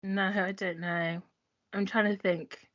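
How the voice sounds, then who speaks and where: A woman's voice: medium pitch, steady tone, measured pace, a bit bright, dull audio. A woman co-hosting a podcast, chatting casually and reacting with short remarks and laughs. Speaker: podcast co-host. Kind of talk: casual chat.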